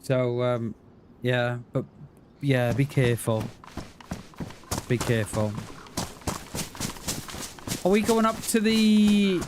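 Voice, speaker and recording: Unhurried male streamer, matey and rambling, game sounds clearly under the voice. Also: medium pitch, darkish tone. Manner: rambling, chummy, addresses chat as mate and buddy. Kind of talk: casual live-stream chat while playing. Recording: clear game noise behind the voice.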